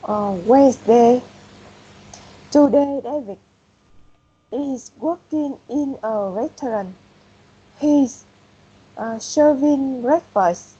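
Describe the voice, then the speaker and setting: A woman studying English, slowly reading a short text aloud word by word. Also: sits high, mellow, slightly rough. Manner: halting, careful word-by-word reading. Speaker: English student. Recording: dull lo-fi audio.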